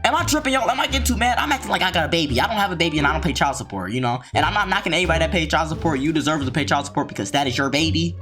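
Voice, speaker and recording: A man's voice: a little high, lively intonation, rapid-fire, few pauses, pushed and bright, faint music behind. Riled-up man ranting in slang. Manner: ranting, riled-up, slangy, mocks people in put-on voices. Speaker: reaction video host. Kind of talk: animated reaction commentary.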